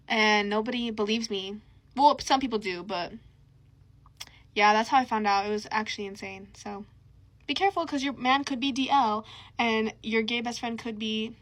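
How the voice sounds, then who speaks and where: A young woman telling a messy personal story in a casual, slangy vlog style, full of fillers and quoted dialogue. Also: on the high side. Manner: animated, slangy, lots of fillers.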